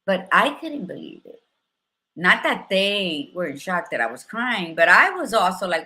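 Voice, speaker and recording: Candid emotional woman host, bright-toned. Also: mid-range voice, big pitch swings, unhurried. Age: 50s. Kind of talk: casual chat.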